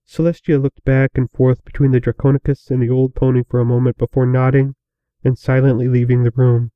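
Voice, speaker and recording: A man narrating a fan fiction story aloud in a slow, measured way. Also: medium pitch, level tone, dry recording, lo-fi sound.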